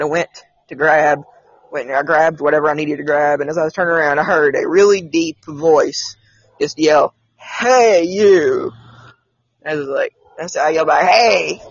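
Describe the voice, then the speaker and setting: Husky-voiced man sharing his own ghost stories. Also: fairly high pitch, steady tone, brisk, dry recording. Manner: rambling, hesitant, with frequent laughs and restarts. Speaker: podcast host. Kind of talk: casual storytelling chat. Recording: slightly dull, dry sound.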